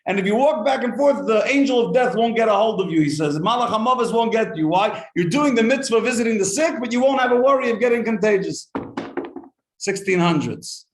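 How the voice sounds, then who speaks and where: Rabbi guy giving a torah class, higher voice, lots of stories and questions, roomy echo. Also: a little fast, a little hiss or hum. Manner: animated storyteller, rhetorical questions, quotes Hebrew and Yiddish then translates. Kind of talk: lively Torah class to a live group.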